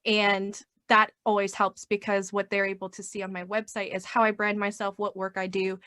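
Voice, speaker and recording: A woman's voice: mid-range voice, flat delivery, normal speed, pushed and bright, no room sound. Upbeat woman, dry close mic. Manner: upbeat, acts out quoted voices. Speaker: podcast guest. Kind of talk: casual interview chat.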